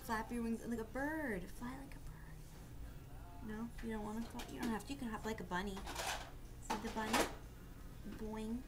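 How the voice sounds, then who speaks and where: A woman's voice: fairly high pitch, steady tone, brisk. A young woman, an aunt, reading a picture book aloud to a toddler at home in a coaxing, sing-song way, often laughing. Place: home, indoors. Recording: home camcorder with loud background noise.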